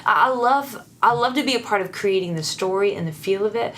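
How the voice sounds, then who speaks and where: A woman's voice: medium pitch, brisk, slight background noise. A woman songwriter chatting candidly as an interview guest, laughing often and encouraging listeners. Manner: laughs often, warm and candid, with frequent restarts; earnest and encouraging. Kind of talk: casual interview chat.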